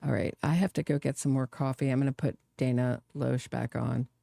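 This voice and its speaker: A woman's voice: extremely low pitch, steady tone, brisk, creaky, warm tone, dry recording. A woman hosting a live true crime stream, reacting with sarcasm and scorn.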